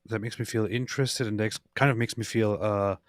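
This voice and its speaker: A man on a livestream talking in a deadpan, mock-earnest, sarcastic way. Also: lowish voice, fairly quick, no room sound, clean studio sound. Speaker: regular guest. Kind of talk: casual livestream chat.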